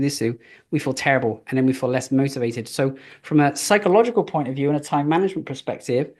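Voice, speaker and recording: A man's voice: a little high, darkish tone. A middle-aged man giving a live business coaching session, casual and chatty, telling stories with fillers. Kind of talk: live training talk.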